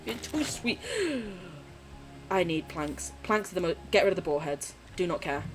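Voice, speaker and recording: A woman's voice: on the low side, animated, moderate pace, music in the background. A woman live streamer chatting casually with her viewers while gaming, swearing freely and gushing affection.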